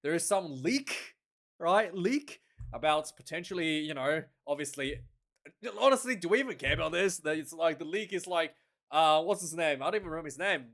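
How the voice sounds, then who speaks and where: A man's voice: fairly high pitch, animated, moderate pace, a bit bright. A young man hosting casual rugby commentary, rambling and chatty, with frequent laughs and many fillers. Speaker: rugby commentator and channel host.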